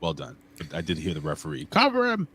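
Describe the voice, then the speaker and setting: Very low-voiced guy cussing a lot on a chill podcast, faint hiss behind him. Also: quick pace. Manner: loose, profane, animated storytelling. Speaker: co-host. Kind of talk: casual podcast chat.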